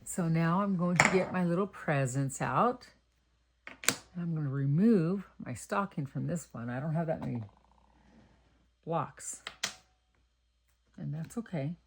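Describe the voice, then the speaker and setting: A woman's voice: low-pitched, animated, a little slow, vocal fry, pauses often, noisy background. A middle-aged woman from Texas chatting casually and thinking aloud while she makes greeting cards. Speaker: card-making crafter. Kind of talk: casual crafting chat.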